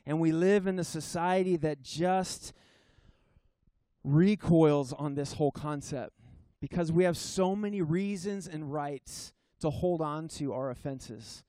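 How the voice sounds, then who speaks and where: A pastor preaching to his church in a fairly high man's voice, earnest and emphatic. He leans on key phrases by slowing down and sometimes stumbles and restarts mid-sentence. The sound is dry and close. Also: warm tone, no room sound. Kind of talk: sermon. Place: church service.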